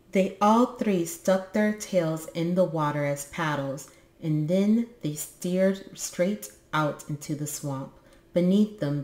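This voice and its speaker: A woman with a low voice reads a children's book aloud, breaking off now and then for casual, musing asides. The room around her is echoey. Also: a little mellow. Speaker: book channel host.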